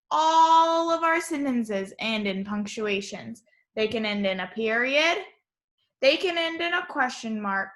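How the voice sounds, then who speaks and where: A woman teacher giving an online lesson to young children, speaking in a slow, sing-song, encouraging way on a computer mic. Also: on the high side, pushed and bright.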